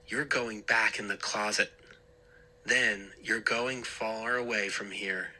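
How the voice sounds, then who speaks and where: A man's voice: lowish voice, steady tone, takes it slowly, sharp tone, exaggerated voice. A man voicing a frightened young boy who pleads and protests in panic. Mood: panicked.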